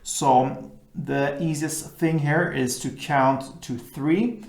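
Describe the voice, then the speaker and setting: A man's voice: on the high side, fairly even intonation, takes it slowly, echoey room. A man teaching an acoustic guitar lesson, walking patiently through chords step by step.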